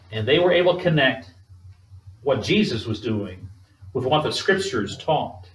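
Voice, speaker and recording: A man preaching a sermon in a measured, emphatic way, drawing spoken responses from the congregation. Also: medium pitch. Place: church sanctuary. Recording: echoey room, distant mic.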